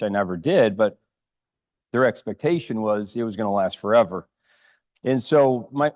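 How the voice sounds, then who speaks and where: A man in his fifties from upstate New York, a prosthodontist giving a conference lecture, unhurried and full of ums and restarts. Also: on the low side, darkish tone, no room sound, studio quality. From Rochester, New York. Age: 50s. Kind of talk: conference talk. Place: lecture room.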